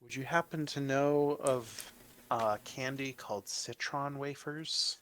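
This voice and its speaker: A man speaking in character during a tabletop game, polite and a little hesitant as he feels his way through his sentences. He speaks slowly, at a middling pitch. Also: a bit bright, slight background noise. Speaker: player.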